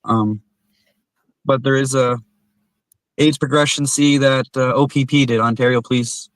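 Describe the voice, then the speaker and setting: A man joining a casual livestream chat, adding information in halting bits. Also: mid-range voice, fairly even intonation, dry recording.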